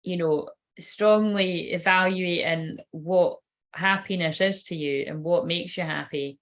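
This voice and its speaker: A woman's voice: lowish voice, steady tone, measured pace, a bit bright. A woman reading oracle cards in a casual, rambling livestream chat, swearing now and then. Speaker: tarot card reader.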